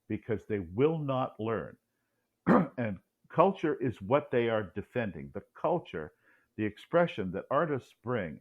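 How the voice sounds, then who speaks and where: A man's voice: lowish voice, lo-fi sound. A man speaking as a guest in an interview, blunt and combative, acting out quoted exchanges as he talks. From United States. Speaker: author and cultural commentator, guest.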